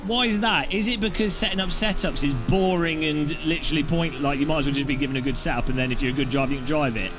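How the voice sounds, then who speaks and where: A man's voice: on the high side, fairly even intonation, fast, hardly any pauses, music in the background. A man giving casual, jokey commentary over his sim racing gameplay and laughing often.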